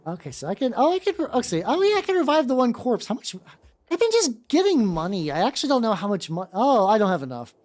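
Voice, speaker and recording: A streamer playing a video game, reacting aloud with swearing and reading the game's text out loud. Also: mid-range voice, sing-song, fast. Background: faint background music.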